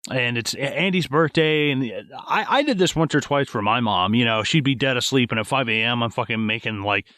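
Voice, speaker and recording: Mid-pitched dude on a movie podcast, blunt and sweary, dry close mic. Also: male voice, brisk, no echo. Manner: blunt, profane, animated storytelling. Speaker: podcast co-host. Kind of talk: casual movie podcast chat.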